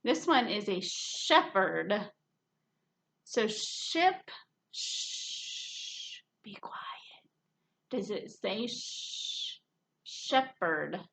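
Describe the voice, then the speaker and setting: A woman librarian leading a children's story hour phonics lesson, drawing words out in a sing-song teacher voice and shushing softly. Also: mid-range voice, big pitch swings, extremely slow, vocal fry, a little hiss or hum.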